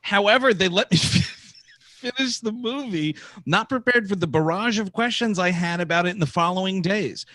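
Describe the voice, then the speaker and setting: A man co-hosting a comedy podcast, reading a listener's letter aloud in an animated way and laughing along. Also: high voice, normal speed, no echo.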